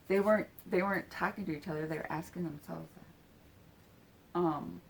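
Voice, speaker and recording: A woman telling a personal story in a casual, halting way, full of fillers and swearing, acting out quoted lines and sometimes dropping to a whisper. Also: on the low side, fairly even intonation, gravelly, rough recording.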